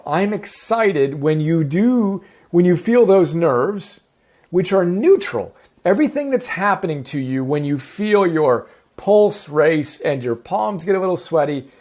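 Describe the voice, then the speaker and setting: Man, fairly high voice, energetic casual teaching, enthusiastic, corrects himself on the fly. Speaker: host teaching a self-improvement class. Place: home in the countryside.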